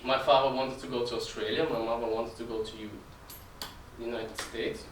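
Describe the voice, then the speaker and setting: A man's voice: mid-range voice, little pitch movement, normal speed, a little hiss or hum. A man, giving an earnest informal talk to an audience and often restarting phrases. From Germany. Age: 20s. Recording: echoey room, distant mic, faint ambience.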